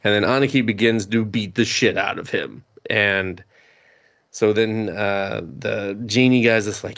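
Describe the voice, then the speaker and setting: Laid-back man with a lowish voice. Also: fairly even intonation, normal speed, fairly bright tone. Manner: rambling, laughing, acting out characters' lines with profanity. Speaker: podcast co-host. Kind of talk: casual chat, recapping an anime.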